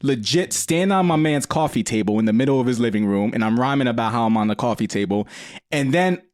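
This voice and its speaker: A man's voice: mid-range voice, animated, quick pace, a little mellow, no echo, clean studio sound. A man on a podcast as a guest, telling a rambling party story in casual chat and laughing often.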